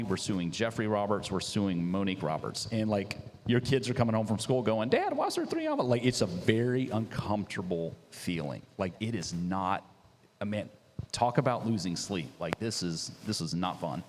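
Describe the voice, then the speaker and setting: A man, a business founder, telling his story in a casual, animated way full of "dude" and "like". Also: fairly low pitch, big-room sound.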